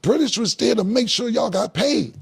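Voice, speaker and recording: A man's voice: very high voice, lively intonation, normal speed, creaky, husky. A man in a casual interview, telling a story and acting out the other voices in a laid-back drawl. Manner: acts out quoted dialogue in a laid-back drawl. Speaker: podcast guest.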